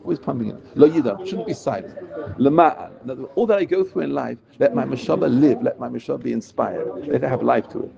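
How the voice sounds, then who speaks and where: A man leads a Torah class, working through prayer verses and translating each line with firm emphasis. His voice is gravelly, of middling pitch. The recording sounds muffled, with a crowd audible behind him. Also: fast, few pauses. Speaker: Torah teacher.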